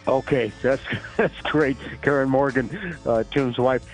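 A man's voice: medium pitch, measured pace, soft background music, low-quality recording. A man hosting a sports radio show, chatting casually with stammering restarts and easy laughs. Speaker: radio host. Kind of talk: radio interview.

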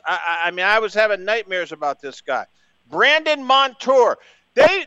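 A man's voice: sits high, bright, forceful tone, no echo, highs cut off. A man hosting a call-in sports radio show, ranting in an emphatic, exasperated way. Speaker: sports talk radio host.

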